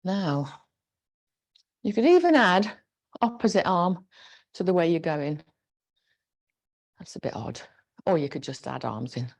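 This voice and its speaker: A woman leads an exercise class at home, talking through each move in a friendly, encouraging way. Her voice sits a little low for a woman. She speaks into a clip-on mic pack. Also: very animated, a little slow, long pauses, a little mellow. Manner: encouraging, chatty cueing of moves. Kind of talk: live online exercise class instruction. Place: home room with a squeaky floor.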